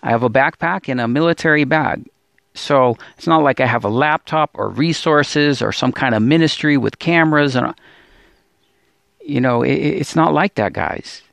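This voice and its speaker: A man's voice: mid-range voice, normal speed, vocal fry, a bit bright, no room sound. A man hosting a religious video channel, speaking in a discouraged, pleading monologue full of stammered restarts and repeated appeals. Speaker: Bible teacher and channel host. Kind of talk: emotional religious vlog monologue.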